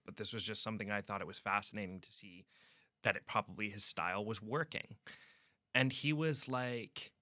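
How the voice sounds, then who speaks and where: A young man, a sports reporter, telling a story in an animated way and acting out quotes during a podcast interview. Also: fairly low pitch, no room sound, clean studio sound.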